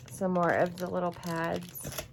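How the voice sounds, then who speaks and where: In her home craft room, a craft YouTuber unboxes supplies for viewers in a casual vlog, gushing, emotional, and chatty, saying "y'all" a lot. Her voice is fairly low and gravelly, with background noise.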